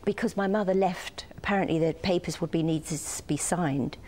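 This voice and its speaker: An older woman from the United Kingdom, a guest on a TV interview, speaking softly and hesitantly with many pauses. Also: fairly low pitch. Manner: soft-spoken, hesitant with many ums.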